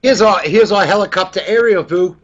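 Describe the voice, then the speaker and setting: A man's voice: high voice, fairly quick. Mock-formal English man on a muffled webcam. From England. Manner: mock-formal, dry banter, keeps addressing his co-host by name. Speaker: co-host of a webcam stream show. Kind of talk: casual comedic stream chat. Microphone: webcam microphone.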